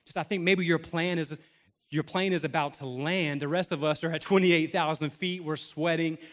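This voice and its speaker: A man's voice: fairly high pitch, fairly even intonation, normal speed, a bit bright, big-room sound. A man in his thirties preaching a sermon in a conversational style, mixing humor and playful acted asides into the message. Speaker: pastor.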